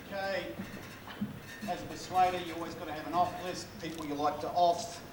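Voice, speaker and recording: A man's voice: on the high side, steady tone, brisk. A middle-aged man with a New Zealand accent telling funny stories in a casual, joking keynote and bantering with the audience. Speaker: keynote speaker. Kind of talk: humorous keynote storytelling. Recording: echoey hall, far from mic, noisy.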